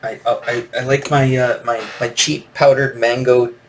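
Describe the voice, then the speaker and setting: A man's voice: medium pitch, flat delivery, moderate pace. A man hosting a solo comics review podcast, talking casually and rambling, with lots of fillers and restarts. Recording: distant from the mic with faint noise.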